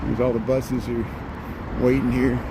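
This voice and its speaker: A man's voice: medium pitch, little pitch movement, unhurried. A man with a Chicago accent live-streaming a walking tour, chatting casually and greeting viewers by name as he walks outdoors. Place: outdoors on a busy city street. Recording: clear traffic noise behind.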